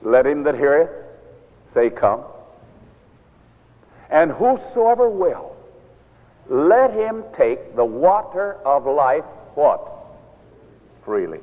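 An older man preaching a sermon as a minister, animated, sometimes stern, often acting out what others say. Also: a little high, takes it slowly, pauses often. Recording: tinny phone-like sound in a large reverberant hall.

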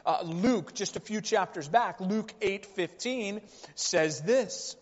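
A man preaches slowly and deliberately, repeating key phrases and posing rhetorical questions. His voice sits high. The recording is dull and lo-fi, with a long reverb. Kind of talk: sermon. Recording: reverberant hall, dull lo-fi sound.

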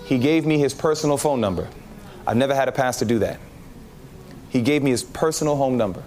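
A man preaching his testimony, telling the story in an animated way and acting out his own reactions. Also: medium pitch, fairly quick, slight background noise. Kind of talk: testimony sermon.

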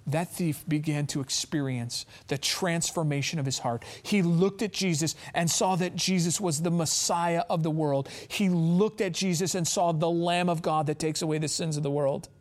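A man preaching as pastor, reading scripture aloud and stressing phrases with slow, drawn-out emphasis. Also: on the high side. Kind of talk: sermon.

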